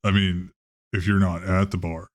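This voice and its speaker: A male game master with a lowish voice, running a tabletop game in an easygoing, loose way. He swears offhandedly and talks like a friend at the table. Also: flat delivery, normal speed.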